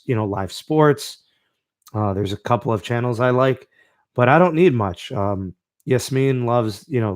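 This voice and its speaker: A man's voice: mid-range voice, no room sound, studio quality. A man hosting a live-stream podcast in a laid-back way, reading out and answering the live chat with plenty of fillers. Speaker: podcast host.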